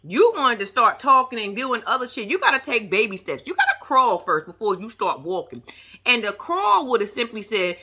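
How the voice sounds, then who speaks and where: A woman's voice: fairly high pitch, moderate pace, slightly rough. A woman giving sassy, slangy casual commentary on a reality show, talking straight to the viewer. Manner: animated, sassy, slangy, talks to the screen. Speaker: vlogger reviewing a reality show.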